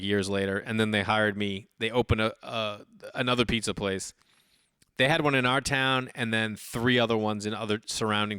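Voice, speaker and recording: A man in his thirties hosting his own podcast, telling a rambling, animated story with swearing and many restarts. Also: lowish voice, clear, resonant tone, dry recording, clean studio sound. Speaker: podcast host. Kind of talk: casual solo storytelling.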